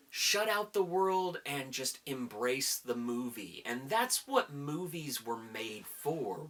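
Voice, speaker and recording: Excitable man with a bright, lively voice. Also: a little high. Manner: excitable, casually swearing, hyping things up. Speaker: movie review vlogger. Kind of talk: casual countdown commentary.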